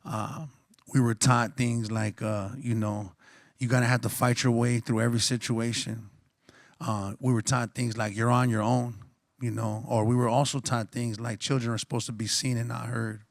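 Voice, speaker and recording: A man at a mid-range pitch shares a personal story on a conference panel. He speaks earnestly and reflectively, with casual slang. His voice is captured dry, with no room echo. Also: flat delivery, normal speed, vocal fry. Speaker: panelist and coffee shop co-owner.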